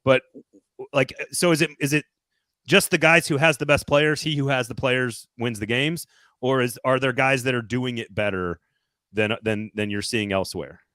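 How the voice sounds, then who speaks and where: A man's voice: mid-range voice, fairly even intonation, normal speed, a bit bright, dry recording, studio quality. A man hosting a sports podcast, asking long, rambling questions in a casual tone. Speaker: podcast host.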